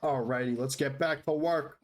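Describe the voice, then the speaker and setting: A man's voice: mid-range voice, fairly even intonation, normal speed. A man on a live game stream, talking loosely at his desk at home. He jokes at his own expense and breaks into laughter often, keeping the tone light and playful. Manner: joking, self-deprecating, laughs often. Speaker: livestreamer. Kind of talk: casual live-stream chat while gaming. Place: home room next to a busy street.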